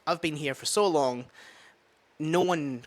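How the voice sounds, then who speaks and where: A man's voice: a little high, slow. Scottish man chatting casually to camera. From Scotland. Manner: rambling, many fillers and restarts, thinking aloud. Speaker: open mic comedian vlogging. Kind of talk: casual vlog chat. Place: at home with a dog.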